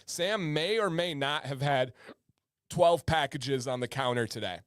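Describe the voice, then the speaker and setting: A man's voice: mid-range voice, measured pace, smooth, no room sound, clean studio sound. A man hosting a casual livestream, reading chat aloud and joking with viewers. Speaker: livestream host.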